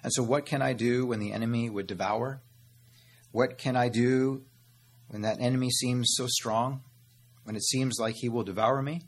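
A man's voice: mid-range voice, slightly rough. A man preaching a sermon as pastor, earnest and direct, calling his listeners "beloved" and "my friend" and asking questions he answers himself.

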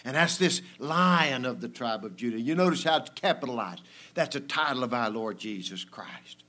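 A man preaching a sermon, his voice sitting at an everyday middle pitch. He talks to the congregation in a folksy, conversational way. His delivery swings between loud emphasis and quiet, hushed asides, with frequent chuckles. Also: animated, moderate pace.

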